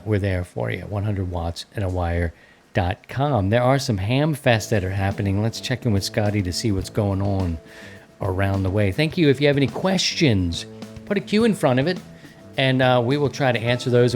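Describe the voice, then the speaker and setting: A middle-aged man hosts a casual hobby podcast in a lowish voice. He rambles easily from thought to thought, dotting his talk with fillers. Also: fairly quick, darkish tone, soft background music. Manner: rambling, easygoing, many fillers. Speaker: podcast host. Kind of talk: casual ham radio chat.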